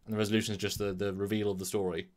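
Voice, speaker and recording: Guy rambling thru a recap, kinda low voice, jumps up high when he acts out lines. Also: very fast. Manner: rambling, animated, acts out quotes with jumps in pitch. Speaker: podcast co-host recapping an episode from memory. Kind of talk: casual chat.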